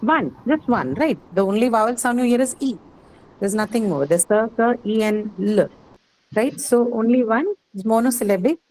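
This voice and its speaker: A woman's voice: a little high, animated, moderate pace, a little mellow, a little hiss or hum, poor audio. A woman with an Indian English accent teaching phonetics in a classroom lecture, explaining step by step and checking understanding with frequent questions.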